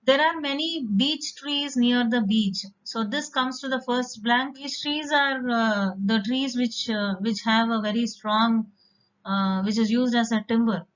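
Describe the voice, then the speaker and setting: A woman's voice: on the high side, unhurried. A woman teaching an English vocabulary lesson, explaining patiently with occasional fillers. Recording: dull lo-fi recording.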